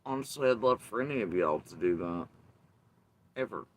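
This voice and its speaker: A man's voice: lowish voice, expressive, normal speed, slight background noise. A man hosting his channel, delivering bitter, profane, emphatic commentary in an angry rant. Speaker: channel host.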